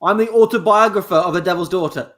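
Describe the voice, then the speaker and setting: A man's voice: high-pitched, fast talker, a bit bright. A man improvising a comedy scene, fumbling and hesitating through a guessing game.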